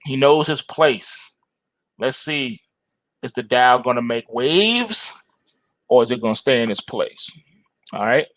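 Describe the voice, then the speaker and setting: A man hosting an end-of-day trading report, talking about the charts in animated, slangy commentary and joking about them as if they were people. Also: medium pitch, slow, pauses often, no echo. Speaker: trading show host.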